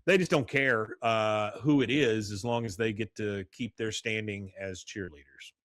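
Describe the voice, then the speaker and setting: A man's voice: lowish voice, unhurried, fairly bright tone, no echo, studio quality. Rambling man recapping a show. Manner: rambling, many fillers, reads quotes aloud. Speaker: podcast host. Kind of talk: casual episode recap.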